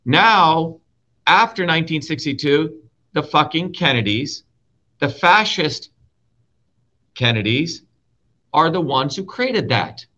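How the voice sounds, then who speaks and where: A man from India delivers a heated political rant with a bright, forceful edge, swearing freely and hammering his points with repetition. His voice sits a little high for a man, and the audio sounds somewhat dull and lo-fi. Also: expressive, slow, pauses often. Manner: profane, emphatic, repeats key words. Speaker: show host and guest speaker.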